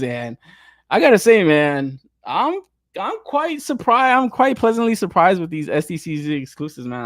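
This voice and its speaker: Young guy, fast-swinging animated voice, dry close sound, swears and laughs a lot. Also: fairly high pitch, no room sound. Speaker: podcast co-host. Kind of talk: casual profane chat.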